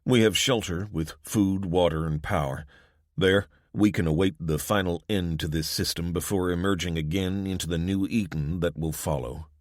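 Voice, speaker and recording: A man's voice: sits low, normal speed, dry recording, studio quality, lightly acted. A male narrator voicing a formal, preachy male religious recruiter in an audiobook, speaking in a stilted way.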